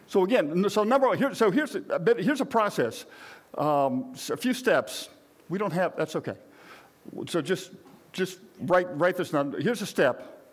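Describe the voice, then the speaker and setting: A man's voice: sits high, expressive, moderate pace, husky. An older man preaching a sermon to his congregation, conversational and rambling, with frequent restarts and asides. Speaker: pastor.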